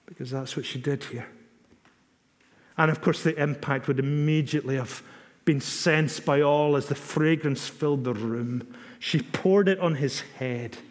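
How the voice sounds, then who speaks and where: A man preaching a sermon in a measured, emphatic way, repeating phrases for stress. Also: a little high. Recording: long reverb of a hall.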